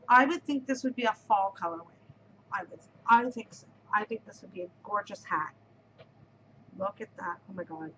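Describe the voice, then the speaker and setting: A woman's voice: on the high side, fairly bright tone, a little hiss or hum. Effusive woman gushing in a muffled home recording. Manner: gushing, effusive, repeats words. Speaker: knitting podcast host. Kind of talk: casual show-and-tell chat.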